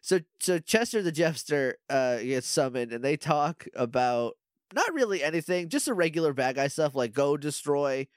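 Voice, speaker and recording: A man's voice: on the high side, animated, normal speed, no room sound, clean studio sound. A young man co-hosting a casual podcast, rambling and self-deprecating, laughing often. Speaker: podcast co-host.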